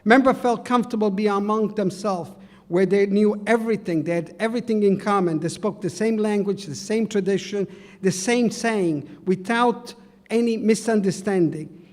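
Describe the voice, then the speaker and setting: A man with a heavy Italian accent, Italian his first language, giving an earnest, somewhat halting acceptance speech for his society. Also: high voice, big-room sound. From Italy. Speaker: honoree society president.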